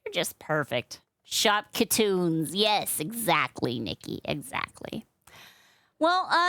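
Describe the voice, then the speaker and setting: A woman's voice: mid-range voice, fairly bright tone, smooth, no room sound. Chatty woman live-streamer, dry close sound. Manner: chatty, upbeat, with frequent fillers. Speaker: streamer and balloon artist. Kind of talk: casual live-stream chat.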